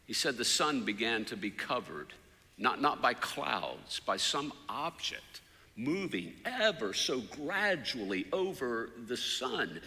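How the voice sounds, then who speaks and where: A man preaching a sermon as a story, his voice climbing loud for shouted quotes and falling soft for prayers. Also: medium pitch, big pitch swings, slow. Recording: long hall reverb.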